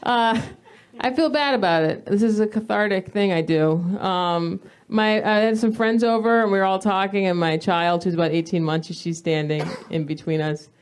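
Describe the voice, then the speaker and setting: A woman in her thirties performing a stand-up comedy set, telling stories in an animated way and breaking into mock yelling. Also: medium pitch, moderate pace, hardly any pauses, clear, resonant tone. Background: audience laughter.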